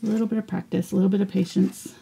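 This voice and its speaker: A woman in her forties teaching a live painting lesson, chatty and encouraging, often slipping into soft whispers as she works. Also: medium pitch, steady tone, racing, creaky, slightly rough. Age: 40s. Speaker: art teacher.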